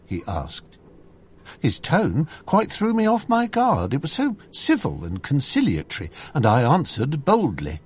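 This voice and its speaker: Guy reading an audiobook, expressive storytelling, tone moves around a lot. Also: medium pitch, measured pace, slightly rough. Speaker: audiobook narrator. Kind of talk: scripted audiobook narration.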